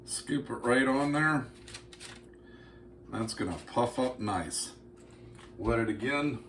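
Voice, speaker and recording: A man's voice: medium pitch, slow pace, a bit bright, slight background noise. Home cooking vlogger, man, mid-range voice, folksy and joking, roomy kitchen sound. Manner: folksy, joking, talks straight to viewers. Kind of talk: casual cooking demonstration.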